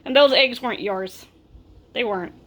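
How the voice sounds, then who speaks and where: A woman's voice: on the high side, normal speed, fairly bright tone. A woman vlogger telling a storytime, exasperated and ranting with animation. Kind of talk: storytime vlog.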